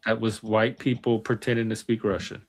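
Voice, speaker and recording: A man hosting a casual panel chat, teasing and wisecracking with quick asides. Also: on the low side, little pitch movement. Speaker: host.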